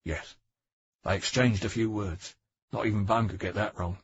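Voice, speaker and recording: A man voicing a patient, methodical male police detective who spells things out deliberately and emphatically. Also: on the low side, fairly even intonation, husky. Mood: explaining. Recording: dry, dull audiobook recording.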